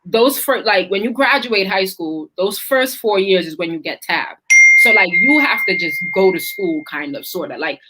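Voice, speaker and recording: A woman's voice: mid-range voice, animated, moderate pace, heavy background noise. A young woman hosting a talk show, chatting casually and leaning on "like" and "right?". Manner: chatty, leans on "like" and "right?" tags. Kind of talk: casual chat.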